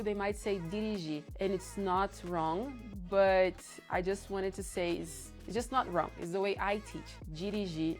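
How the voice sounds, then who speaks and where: A woman's voice: mid-range voice, a little mellow. A woman with a Brazilian accent from Curitiba and São Paulo, a language teacher patiently explaining pronunciation and repeating example words. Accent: Brazilian, Curitiba and São Paulo mix. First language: Portuguese. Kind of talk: online pronunciation lesson.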